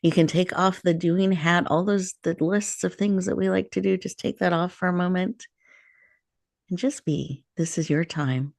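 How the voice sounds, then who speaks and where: A woman radio host leading a guided breathing meditation in a slow, soothing, inviting way before she welcomes a guest. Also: fairly low pitch, fairly even intonation, gravelly, darkish tone, no echo, studio quality.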